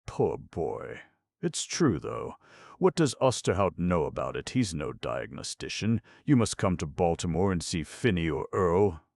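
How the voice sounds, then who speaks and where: A man playing a gentle, sorrowful society woman in an audiobook, speaking softly and tenderly. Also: sits low, big pitch swings, a little slow, gravelly, no room sound, clean studio sound, heavily acted. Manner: soft and tender.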